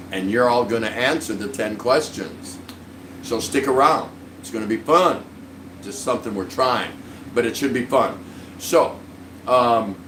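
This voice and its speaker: A man's voice: medium pitch, a bit bright, echoey room, far from the mic, a little hiss or hum, poor audio. A man hosting a casual live-stream vlog, rambling in a friendly way and greeting viewers by name. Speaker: livestream vlog host.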